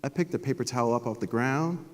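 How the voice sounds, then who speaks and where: A man in his forties giving a motivational conference keynote, telling a personal story with emphatic pauses. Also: mid-range voice. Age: 40s. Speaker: keynote speaker. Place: conference stage at a resort. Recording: long reverb of a conference hall.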